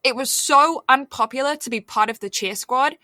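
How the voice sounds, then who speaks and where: A woman's voice: high-pitched, moderate pace, sharp tone, dry recording. A woman co-hosting a podcast, chatting casually and rambling with plenty of filler words. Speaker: podcast co-host. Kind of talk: casual chat.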